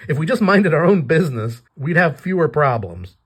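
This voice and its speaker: A man's voice: on the high side, big pitch swings, a little slow, slightly rough, voice pushed up, heavily acted. A man voicing a grumpy, impatient werewolf character who talks bluntly and sounds exasperated, from his comic read aloud.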